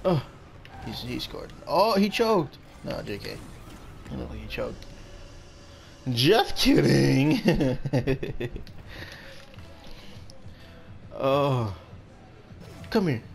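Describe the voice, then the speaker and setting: Excitable man with a gravelly voice. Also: medium pitch, takes it slowly, pauses often, soft background music. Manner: excitable, blurts out reactions and short shouts; talks to his opponent and himself. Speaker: gaming channel host. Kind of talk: casual gameplay commentary.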